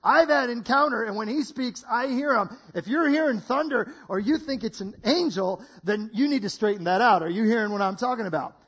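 High-voiced animated male preacher. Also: a little fast, hardly any pauses, slightly rough, highs cut off. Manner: animated, acts out voices, laughs often. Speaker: guest preacher. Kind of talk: energetic sermon.

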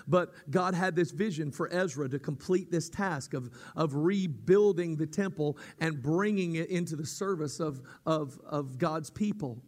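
A man preaching a sermon as pastor, teaching calmly at times and rising into loud, emphatic preaching, often repeating himself and restarting his words. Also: unhurried, hardly any pauses. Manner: builds from calm teaching to loud, high-pitched emphatic preaching.

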